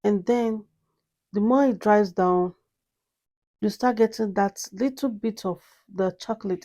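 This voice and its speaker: A woman's voice: mid-range voice, a little slow, mellow. A woman reviewing a perfume in a casual vlog, gushing and repeating herself with many exclamations. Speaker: fragrance reviewer.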